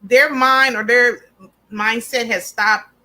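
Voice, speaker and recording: A woman co-hosting a casual chat show, lively and chatty, often laughing and teasing. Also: on the high side, slow, rough recording. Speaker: podcast co-host.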